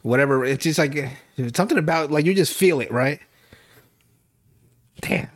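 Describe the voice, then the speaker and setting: A young man with a somewhat high voice rambles through a TV recap, swearing freely and laughing as he goes. He restarts sentences over and over, talking casually to a friend as podcast host. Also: normal speed. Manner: rambling, profane, laughs often, many restarts. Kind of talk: casual chat.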